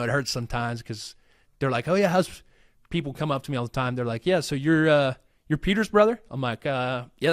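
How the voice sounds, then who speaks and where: A young American man chats loosely and rambles through his answers, circling back with fillers and restarts. His voice sits at an ordinary middle pitch, and the recording is dry and close with no room sound. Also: fairly bright tone, no echo. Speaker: host. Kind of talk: casual Q&A vlog.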